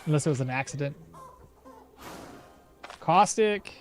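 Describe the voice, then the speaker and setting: A man's voice: a little high, animated, unhurried, faint music behind. A man streaming a game, chatting with his viewers, thinking aloud and laughing often. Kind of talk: casual live-stream commentary.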